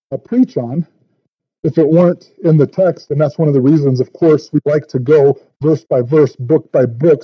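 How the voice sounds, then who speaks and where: A man's voice: sits high, no echo, lo-fi sound. A male pastor preaching verse by verse in an earnest, thinking-aloud way, often repeating words as he goes. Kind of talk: verse-by-verse sermon.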